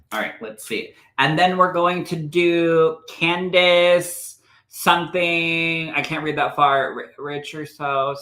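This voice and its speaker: A man hosts a live spiritual reading for viewers, gushing and affectionate as he goes through comments. His voice has a bright edge. The sound carries a roomy echo. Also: fairly high pitch. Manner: affectionate, gushing, calls viewers "my love" and "darling". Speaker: spiritual medium and host.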